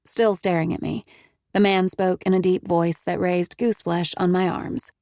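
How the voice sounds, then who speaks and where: A woman narrating a first-person romance audiobook with crisp, measured storytelling. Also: fairly low pitch, steady tone, warm tone, no echo.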